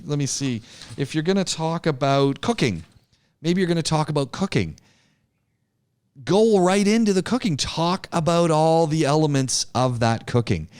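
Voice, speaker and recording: A man teaching a public speaking class, giving feedback in an animated way, with frequent restarts and acted-out sample chats. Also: on the high side, smooth.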